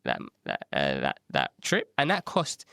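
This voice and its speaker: A man tells stories in a casual interview, lively and often slipping into the voices of people he quotes. His voice has a gravelly edge. The recording is dry and close. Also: a bass voice, a little slow, no echo. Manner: animated, acts out quoted dialogue, frequent "right?". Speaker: agency founder, podcast guest.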